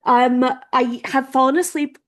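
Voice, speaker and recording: Bubbly young woman, higher voice. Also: steady tone, a little slow. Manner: bubbly, playful, giggly. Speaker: podcast co-host. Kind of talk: casual chat.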